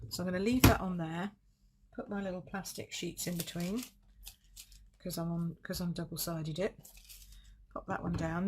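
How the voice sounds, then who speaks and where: The recording is very noisy, and through it comes a woman's fairly low-pitched voice. She's demonstrating card-making live from a desk stream setup, chatting casually, musing aloud, and catching her own mistakes as she works.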